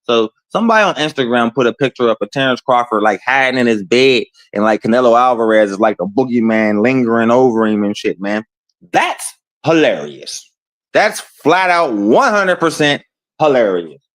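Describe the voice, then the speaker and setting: A man hosting a casual boxing talk stream, speaking to his chat in profane, animated trash talk. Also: medium pitch, moderate pace. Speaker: boxing talk show host.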